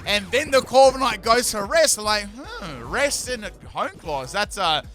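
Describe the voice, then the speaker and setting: Bright, high-voiced man commenting on gameplay. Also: lively intonation, normal speed, faint music behind. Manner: chatty, joking, self-mocking asides. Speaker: gaming channel host. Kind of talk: casual game commentary voice-over.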